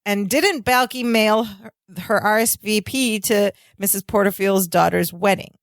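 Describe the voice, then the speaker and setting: A woman's voice: mid-range voice, unhurried, dry recording, studio quality. Woman recapping an episode in casual chat. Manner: recounts scenes, quoting lines in a put-on snooty voice. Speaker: podcast co-host.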